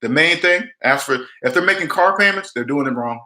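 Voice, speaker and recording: A debt advice vlogger with a fairly quick, animated, high-side voice and a sharp tone speaks in an echoey room. In a casual live-stream chat, he gives blunt, emphatic money advice, repeats his points, and acts out the people he quotes.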